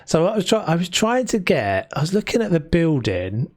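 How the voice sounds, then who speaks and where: A man's voice: a little high, sing-song, moderate pace, darkish tone, no echo, clean studio sound. Chatty man with a London accent. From South London. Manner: chatty and rambling, with frequent restarts. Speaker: game streamer. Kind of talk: casual live-stream chat while building.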